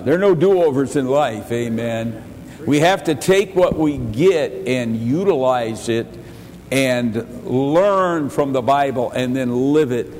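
A man's voice: medium pitch, in a large hall, a little hiss or hum. An older man preaching a sermon as pastor, telling folksy family stories and pushing his voice up for emphasis. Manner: folksy storytelling, chuckles, bursts louder for emphasis.

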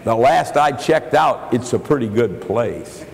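An older male pastor preaching a sermon, telling stories and quoting scripture in an earnest, measured way. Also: mid-range voice, expressive, vocal fry. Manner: slow, earnest preaching with storytelling and King James quotations. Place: church sanctuary. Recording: long hall reverb in a church.

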